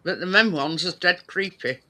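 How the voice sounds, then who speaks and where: A man's voice: sits high, normal speed, pushed and bright. A British man in casual chat as a co-host, rambling with lots of restarts and fillers. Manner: rambling, many restarts and fillers, laughs easily.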